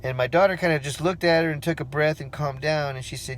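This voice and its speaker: A man in his forties telling a personal story in a relaxed, rambling way, with fillers and restarts, acting out the voices he quotes. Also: on the high side, fast, few pauses, a little hiss or hum. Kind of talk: casual spoken storytelling.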